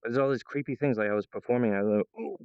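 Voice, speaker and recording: A man rambling to his viewers, jumping between topics and laughing mid-sentence, now and then mimicking others in a high voice. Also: rapid-fire, smooth, no echo, muffled recording. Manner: acts out other people's voices in a high pitch.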